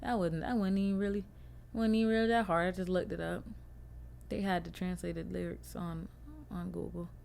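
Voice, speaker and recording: A young woman hosting a casual solo podcast, swearing freely and swinging from loud rants to quiet mumbles. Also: lowish voice, fairly even intonation, normal speed, vocal fry. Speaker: podcast host.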